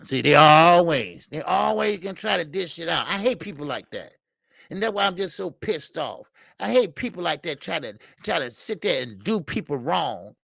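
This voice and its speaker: Gravelly, dry-miked male livestream host; blunt, heated, profane delivery. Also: a little high, lively intonation, moderate pace, a bit bright, no echo.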